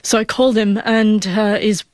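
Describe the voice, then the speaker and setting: A young woman with a medium-pitched, darkish voice speaks at a moderate pace with fairly even intonation, stuttering noticeably as she catches and repeats her first sounds. As an interview guest she shares a personal story earnestly and emotionally, and the sound is dry and close with no echo or room.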